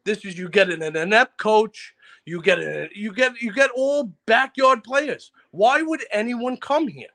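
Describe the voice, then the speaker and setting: A man's voice: high voice, lively intonation, bright, forceful tone. A man, ranting angrily and profanely as a caller on a sports talk show. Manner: angry, profane, rapid-fire ranting. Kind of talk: ranting casual chat.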